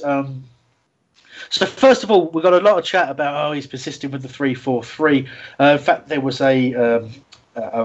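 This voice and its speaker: A man's voice: fairly high pitch, husky, dull audio. A man hosting a casual football talk show, rambling and self-deprecating with many fillers. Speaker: host.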